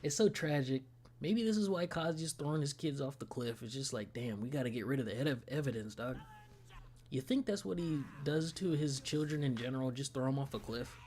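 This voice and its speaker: A man casually reacting to a game trailer, slangy and excitable, often breaking into laughter. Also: medium pitch. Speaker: gaming streamer reacting to a trailer.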